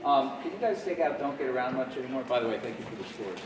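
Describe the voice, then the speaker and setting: A man's voice: medium pitch, expressive, quick pace, background noise. Man coaching a school jazz band. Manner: friendly, scats rhythms aloud. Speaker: guest jazz clinician. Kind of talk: band rehearsal instruction. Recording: echoey room from far off.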